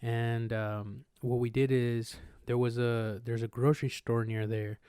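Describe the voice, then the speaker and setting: A young man tells a story in a loose, slangy way, swearing freely and acting out noises and voices as he goes. His voice sits at an ordinary middle pitch. The sound is dry and close, as if recorded on a podcast microphone. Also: measured pace, clean tone, no echo. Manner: animated, slangy and profane, acts out sounds and voices. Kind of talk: casual storytelling chat.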